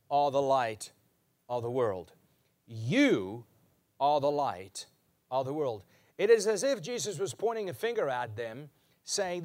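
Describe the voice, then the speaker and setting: A man preaching a sermon as a pastor, emphatic, slowing down and repeating key lines for weight. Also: fairly high pitch.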